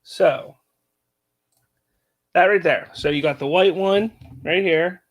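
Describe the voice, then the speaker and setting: A man in his thirties with a somewhat high voice talks in a relaxed, casual way as a podcast host. He is easygoing and joking, with frequent chuckles. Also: takes it slowly. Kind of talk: casual family chat.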